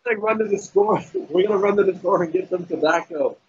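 A man's voice: high voice, quick pace, a little mellow. A young man chatting casually with a friend, often breaking into laughter and swearing as he mimics someone. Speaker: storyteller among friends. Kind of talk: casual chat. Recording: dull lo-fi audio.

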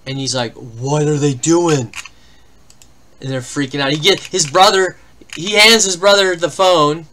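A man's voice: a little high, normal speed, pushed and bright, slight background noise. A man hosting a live card-break stream, chatting casually in rambling anecdotes and reading out lists of names and teams. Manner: rambling anecdotes, then listing name-team pairs.

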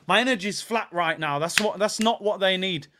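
A young man hosting a live football watch-along, reacting with frustration and shouting at the players. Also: sits high, normal speed, background noise. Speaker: fan watch-along host.

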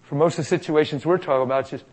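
Excitable male preacher, middle-aged, fairly high voice, swings from quiet storytelling to loud peaks. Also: rapid-fire, rough recording. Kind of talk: healing testimony sermon.

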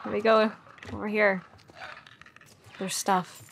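This is a woman talking casually at a desk mic while she plays a game, taking her time between remarks. She mutters some asides almost in a whisper and lets out quick yelps and laughs when startled. A faint background hiss sits under her voice. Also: medium pitch, level tone, vocal fry. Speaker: gaming channel host. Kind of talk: casual gameplay commentary.

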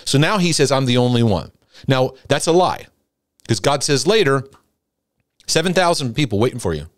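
A middle-aged man preaching to his listeners, his voice swooping up and down. He jumps into high, pleading voices when he mimics people's prayers. The sound is dry and close. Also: sing-song, moderate pace, no echo. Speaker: Christian teacher and coach. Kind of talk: sermon-style teaching broadcast.

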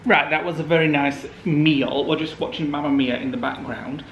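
A man's voice: a little high, steady tone, moderate pace, echoey room, dull audio, very noisy. A man with a West Yorkshire accent, co-hosting a playful casual home vlog. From West Yorkshire, England. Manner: cheerful, playful. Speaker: vlog co-host. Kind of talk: casual chat. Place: home kitchen.

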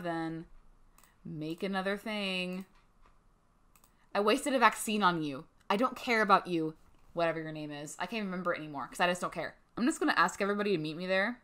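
A woman's voice: medium pitch, a bit bright. A young woman casually commenting on her life-sim game, chatty and playful, putting words in her characters' mouths. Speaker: gaming channel host. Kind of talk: casual let's-play commentary.

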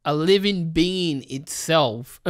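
A man's voice: a little high, extremely slow, dry recording, clean studio sound. A man hosting a gaming channel, rambling through a profane casual rant to the camera with many restarts. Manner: mocks others with put-on quoted voices.

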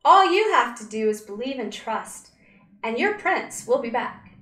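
A woman voicing a gentle angel who speaks softly and calmly to reassure a child. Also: fairly high pitch, measured pace, recorded from a distance. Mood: soothing. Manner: soft, hushed, calm reassurance. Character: gentle soothing female angel spirit. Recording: roomy echo.

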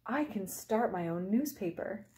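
A woman reading aloud plays an eager young girl from a children's storybook. She sounds excited and full of ideas, at a mid pitch. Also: a little slow, natural voice. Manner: excited, enthusiastic. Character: eager young girl who wants to be a writer.

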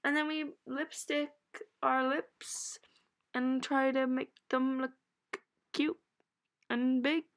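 A woman's voice: high-pitched, level tone, slow pace, long pauses. A woman vlogging through her makeup routine in a chatty, goofy way, joking and swearing to herself. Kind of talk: casual makeup tutorial vlog.

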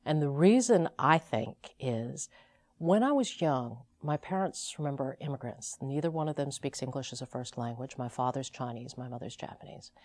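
A woman's voice: rumbling low, animated, normal speed, darkish tone. A woman TV journalist with a big broadcaster voice, telling a story about herself in an interview. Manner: reflective, anecdotal.

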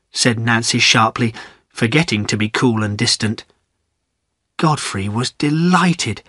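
Man, audiobook narrator, steady reading, dry recording. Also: medium pitch, no echo. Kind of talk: graded reader audiobook narration.

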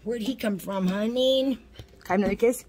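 A woman's voice: fairly high pitch, fast talker, darkish tone, a little hiss or hum. A woman filming a casual pet vlog, cooing baby talk at her dogs with dogs snorting nearby. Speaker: pet owner vlogger.

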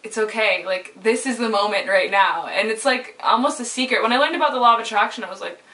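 A young woman talking openly to her viewers in a casual, rambling way, full of "like" and quick laughs. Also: fairly high pitch, bright, forceful tone. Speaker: vlogger. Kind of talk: personal vlog monologue. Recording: voice a little far from the mic.

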